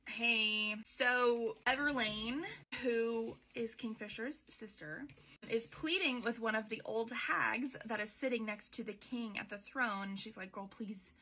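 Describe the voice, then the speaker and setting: A woman's voice: on the high side, measured pace, bright, forceful tone, slight background noise, poor audio. A young adult woman hosting a podcast, recapping a book in a chatty, irreverent, profane way. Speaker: podcast host.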